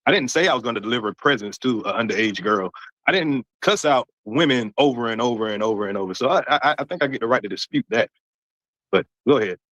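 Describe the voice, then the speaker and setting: A man's voice: mid-range voice, lively intonation, fast, fairly bright tone, no echo, low-quality recording. A man on an online panel defending himself insistently in a heated debate. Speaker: panel guest.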